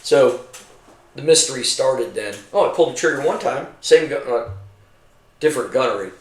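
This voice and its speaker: A retired army veteran in middle age tells meandering war stories full of swearing at a moderate pace, casually over drinks, doing the voices of his old comrades. His pitch is ordinary, and the recording sounds roomy with him somewhat far from the microphone.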